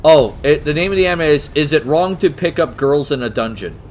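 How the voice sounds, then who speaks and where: A man's voice: a little high, expressive, brisk, a little hiss or hum. A man co-hosting a casual chat about tabletop games, rambling, swearing casually and laughing often. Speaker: podcast co-host.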